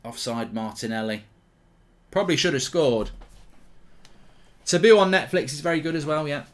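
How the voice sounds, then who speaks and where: A man's voice: on the high side, moderate pace. A middle-aged man hosting a football watchalong stream, rambling casually between match reactions and blunt rants. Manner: chatty, rambling, blunt, explodes into furious ranting.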